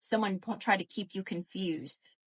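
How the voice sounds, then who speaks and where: A woman doing a live tarot reading, animated and profane, calling to her viewers as y'all. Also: medium pitch, moderate pace, breathy edge. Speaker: tarot reader.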